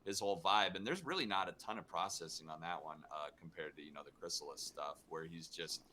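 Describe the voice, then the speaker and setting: Lively low-voiced man, bright tone. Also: a little hiss or hum. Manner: animated, laughing, quick bursts. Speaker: voice actor guest. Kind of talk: casual panel chat.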